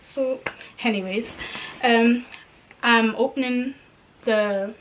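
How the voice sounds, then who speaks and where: A young woman vlogger retelling a personal story in a slangy, animated way, acting out the dialogue. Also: fairly high pitch, slow pace, a little hiss or hum.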